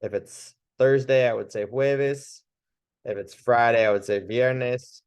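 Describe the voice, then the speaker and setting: A man's voice: medium pitch, slow, darkish tone, clean tone. A man teaching a casual training session, talking loosely with restarts and short laughs. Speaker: chiropractic trainer.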